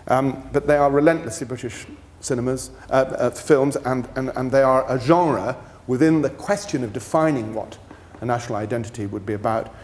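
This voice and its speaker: A man's voice: mid-range voice, a little hiss or hum. An older man giving a university lecture as a film producer, telling stories with many fillers and restarts. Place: lecture hall.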